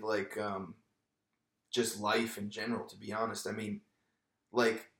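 A man's voice: mid-range voice, a bit bright, roomy sound. Candid young guy telling his story. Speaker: podcast guest, military veteran. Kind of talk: casual conversation.

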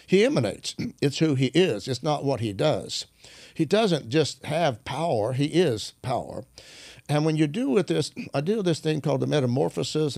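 Gravelly-voiced preacher telling stories. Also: male voice, medium pitch, dry recording, clean studio sound. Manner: animated storyteller who acts out quoted voices and clears his throat often. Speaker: minister. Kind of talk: storytelling preaching conversation.

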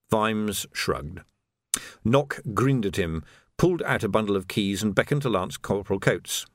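A man narrating an audiobook in a wry, lively manner, each character given its own voice. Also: fairly low pitch, measured pace, dry recording, studio quality.

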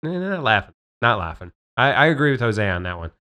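A man's voice: mid-range voice, sing-song, a little fast, bright, forceful tone. A man co-hosting a casual podcast chat, rambling and correcting himself as he jokes around. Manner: rambling, self-correcting, jokey. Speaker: podcast co-host.

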